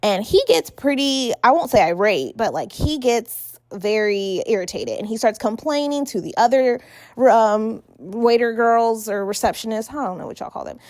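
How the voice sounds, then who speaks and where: A woman's voice: on the high side, lively intonation, normal speed, darkish tone, no room sound, studio quality. A young woman telling a chatty storytime vlog, talking straight to her viewers and acting out what people said. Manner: chatty, addresses viewers as y'all, acts out quotes. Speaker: vlogger. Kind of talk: storytime vlog while getting ready.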